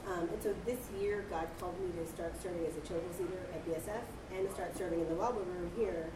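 A woman's voice: lowish voice, steady tone, background noise. A woman in a room full of parents, candidly sharing her own experience with the class. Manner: candid, earnest, quick. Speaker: class participant. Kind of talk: sharing from the audience. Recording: roomy, from far off mic, crowd around.

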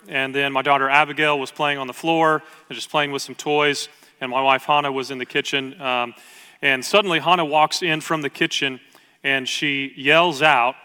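Pastor preaching with a bright voice. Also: male voice, fairly high pitch, clear, resonant tone. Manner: storytelling, conversational with emphatic pauses. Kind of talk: sermon. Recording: long reverb of a church hall.

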